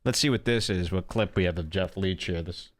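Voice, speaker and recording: A man's voice: sits low, a little fast. A man hosting a podcast, rambling through casual commentary with crude, sarcastic jokes. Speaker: show host.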